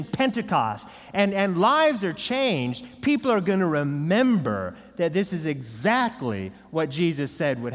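A pastor delivers a sermon in an animated, conversational style, often tossing in "right?" asides. His male voice is a little high. The recording carries the long reverb of a large hall.

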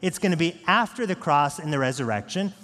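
A man preaching a sermon as pastor, earnest, moving between hushed and raised delivery. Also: a little high, animated, fairly quick. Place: church sanctuary. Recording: long echo of a large church hall.

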